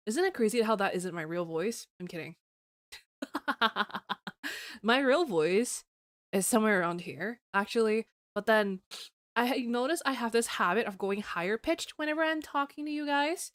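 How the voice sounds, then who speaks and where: A woman's voice: animated, normal speed, a bit bright, no room sound. Playful teasing young woman streamer. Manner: teasing, playful, giggly, switches to a higher cutesy voice for greetings. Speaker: vtuber streamer. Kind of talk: casual chat with viewers.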